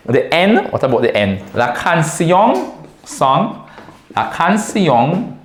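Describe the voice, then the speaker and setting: A man's voice: mid-range voice, echoey room, slight background noise. A man teaching a class at a whiteboard, patiently repeating each word and checking in with his students. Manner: patient, repeats words slowly and often checks with "right?". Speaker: Spanish teacher.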